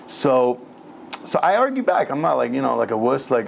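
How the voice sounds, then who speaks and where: Gravelly rabbi guy, chatty and animated, slangy class talk, slight hiss behind. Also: medium pitch, normal speed. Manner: casual, animated, peppered with slang and Hebrew terms. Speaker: rabbi teaching a weekly class. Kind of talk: informal Torah class. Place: synagogue lower-level room.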